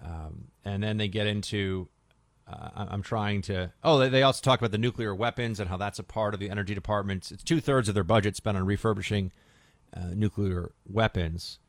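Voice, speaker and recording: A man's voice: lowish voice, fairly quick, dry recording. A man hosting a political talk radio show, sarcastic and combative, reading press quotes aloud.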